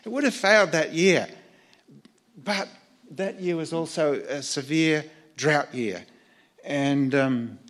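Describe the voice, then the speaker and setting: An older man and former missionary telling a personal story in an earnest, halting way, often repeating words as he searches for them. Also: fairly high pitch, a bit bright.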